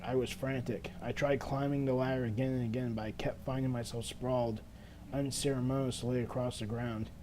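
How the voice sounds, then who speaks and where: A man reading as a terrified teenage girl stuck in a cave in a horror game, narrating earnestly. His voice is mellow and mid-pitched, with a faint hiss of noise. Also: natural voice. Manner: earnest, desperate first-person narration. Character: frightened teenage schoolgirl trapped in a cave. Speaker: let's player. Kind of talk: reading game text aloud.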